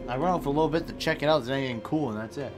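A man's voice: mid-range voice, rapid-fire. A young man casually commenting on a game, swearing often and reacting jumpily to scares, with music in the background. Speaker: gaming channel host.

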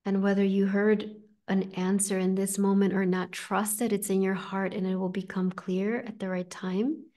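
A woman leads a guided spiritual talk in a gentle, reflective way, her voice sitting at an ordinary middle pitch. She pauses often to check in with listeners, dotting her phrases with "right?" and "like". She is heard through a video-call mic. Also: level tone. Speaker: host and spiritual teacher.

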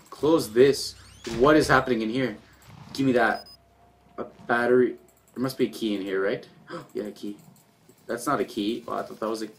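A man's voice: medium pitch, slight background noise. A young man commentating a horror game, jumpy and panicky, muttering repeated words to himself. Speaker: gameplay commentator.

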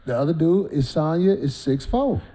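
Animated high-pitched guy hosting a comedy chat, bouncy voice, roomy echo. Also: normal speed. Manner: loud, animated, laughing storyteller. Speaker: host. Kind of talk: casual comedic banter.

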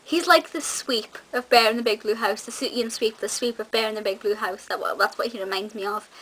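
A woman's voice: fairly high pitch, fairly quick, fairly bright tone, slight background noise, low-quality recording. A young woman chatting enthusiastically to camera in a casual review, with frequent ums and restarts. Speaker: video reviewer.

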